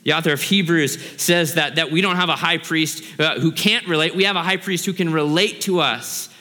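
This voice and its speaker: A man's voice: a little high, moderate pace, sharp tone, long reverb tail. A man preaching a sermon as a pastor, earnest and growing impassioned, asking the congregation rhetorical questions.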